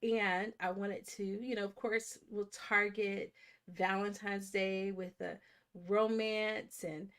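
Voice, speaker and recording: A woman's voice: medium pitch, little pitch movement, slow, a bit bright, clear, resonant tone. A woman in her thirties hosting a live movie watch stream in casual chat, a little congested from a sinus infection and greeting viewers by name.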